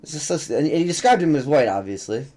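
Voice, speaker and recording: A young man with a fairly high voice hosts a reaction video. He talks in a mocking, sarcastic way, swears freely and keeps breaking into laughter at what he is watching. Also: lively intonation, fast talker, darkish tone, faint music behind.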